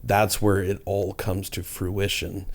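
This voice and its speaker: Low, even-toned male podcast co-host. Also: takes it slowly, creaky. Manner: earnest, explanatory, leans on "like". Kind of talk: casual podcast discussion.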